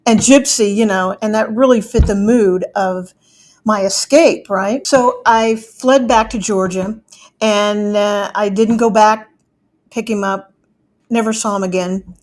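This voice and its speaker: A woman's voice: medium pitch, fairly even intonation, unhurried, a little mellow. A middle-aged woman telling a personal story in a chatty way, acting out the people she quotes.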